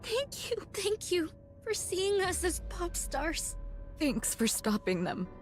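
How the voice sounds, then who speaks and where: A game character who thanks her friend through tears, very high-pitched and drawn out. Her voice lifts and falls a lot as she speaks very slowly. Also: big pitch swings, faint music behind, heavily acted. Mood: tearful. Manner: crying, soft.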